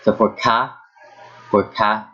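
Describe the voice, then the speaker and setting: A man's voice: fairly low pitch, steady tone, takes it slowly, sharp tone. A man giving a casual online lesson, often stopping and repeating words as he demonstrates pronunciation, with a hair dryer running in the background. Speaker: language teacher. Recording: dull lo-fi sound with hair dryer noise behind. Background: hair dryer noise.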